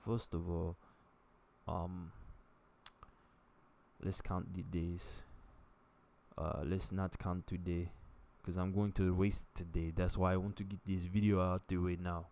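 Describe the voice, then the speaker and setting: Slow, gravelly deep-voiced man. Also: little pitch movement, darkish tone. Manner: halting, with many fillers and restarts. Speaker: vlogger. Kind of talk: casual talk to camera.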